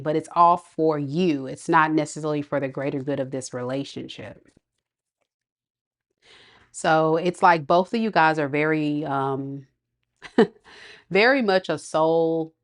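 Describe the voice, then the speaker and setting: A woman with a fairly low voice gives a casual tarot reading. She talks in a chatty, slangy way, laughs often, and speaks straight to her viewers. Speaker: tarot reader.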